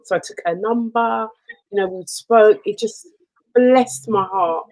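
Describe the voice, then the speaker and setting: A woman co-hosting a radio chat show, telling personal stories in an expressive way. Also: medium pitch, unhurried, low-quality recording. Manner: warm storytelling, expressive.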